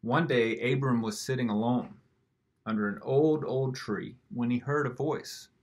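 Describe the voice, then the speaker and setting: A man reads a children's picture book aloud at an unhurried pace, gentle and expressive. His middle-range voice stays warm toward the children listening. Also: mid-range voice. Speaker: children's story reader.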